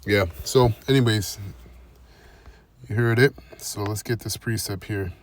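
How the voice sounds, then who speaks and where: A man preaches and comments on scripture, driving each point home with repeated "all right?" checks. He speaks at a measured pace with a fairly low pitch.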